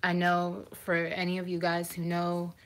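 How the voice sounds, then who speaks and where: Woman in her twenties, live-stream vlogger on a phone at home, slow and emotional, slightly low voice. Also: completely flat delivery, a bit bright. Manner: rambling, emotional, self-interrupting. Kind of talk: casual live-stream chat.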